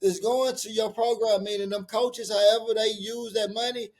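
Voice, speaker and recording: Podcast co-host, a man with a very high voice, pushy, swears freely, keeps cutting in. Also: little pitch movement, normal speed. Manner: insistent, profane, talks over others. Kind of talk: casual debate chat.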